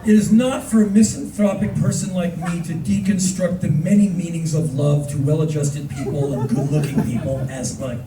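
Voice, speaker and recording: A man in his fifties telling stories on stage, animated and acting out voices with sudden shouts. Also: on the high side, moderate pace, hardly any pauses, noisy background. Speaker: spoken word performer. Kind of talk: live spoken word storytelling. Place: concert hall stage. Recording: echoey hall recorded from far off.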